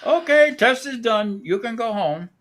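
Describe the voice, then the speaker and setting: A man impersonating a fussy male sleep-clinic technician, his voice pushed well above the speaker's own and a little louder. The instructions come out slow and polite, the same way each time. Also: extremely high pitch, lively intonation, voice pushed up, exaggerated voice. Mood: instructing.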